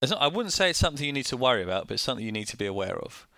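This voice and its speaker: A man's voice: mid-range voice, sing-song, very fast, pushed and bright, no echo. Northern English man explaining plainly. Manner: plain-spoken, joking, explains simply. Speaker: co-host. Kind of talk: casual explanatory chat.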